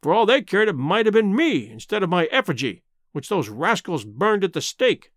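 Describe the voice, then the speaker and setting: A man putting on a spiteful old squire in a storybook reading, full of pompous indignation and bluster. The voice sits high and leaps about in pitch, caught on a dry close mic. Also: big pitch swings, moderate pace, a bit bright, no room sound, heavily acted. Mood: excited.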